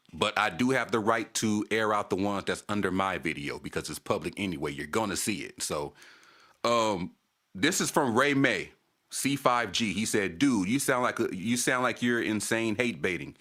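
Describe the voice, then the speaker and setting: A man's voice: on the low side, fairly bright tone. Heated profane man ranting on a stream. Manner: profane, heated, repeats himself. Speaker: channel host. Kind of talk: casual live-stream rant.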